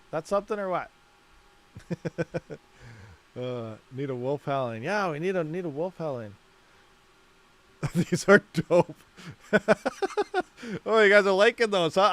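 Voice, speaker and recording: A man's voice: fairly high pitch, a bit bright. A man hosting a livestream, rambling casually, laughing a lot and muttering while he fiddles with settings. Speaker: mining livestream host.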